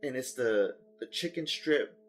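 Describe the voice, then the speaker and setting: A man hosting a podcast, chatting casually and telling an animated story with bursts of mock announcer hype. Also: mid-range voice, a little slow, faint music behind. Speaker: podcast host. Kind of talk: casual chat.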